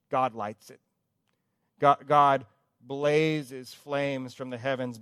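A man preaching a sermon, repeating words for emphasis and swinging between loud urgent calls and hushed quiet passages. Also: medium pitch, no echo, studio quality. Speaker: pastor.

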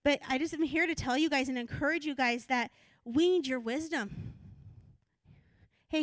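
A woman pastor delivers a sermon in a fairly high voice, talking plainly to her congregation and pressing her points with growing urgency. The sound is dry and close, with no room around it. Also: normal speed, long pauses, no echo. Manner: earnest, conversational preaching with rising urgency. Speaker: assistant pastor.

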